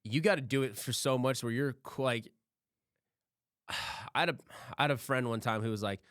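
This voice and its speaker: A man's voice: medium pitch, normal speed, a bit bright, no room sound, clean studio sound. A man hosting a podcast, telling a rambling story in casual chat, swearing freely and acting out what others said. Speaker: podcast host.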